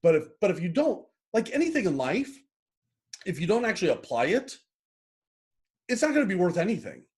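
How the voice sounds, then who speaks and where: A man's voice: sits high, very animated, fairly quick, long pauses, darkish tone. A middle-aged man talking in a casual interview, earnest and emotional, often repeating words as he goes. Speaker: guest, happiness coach.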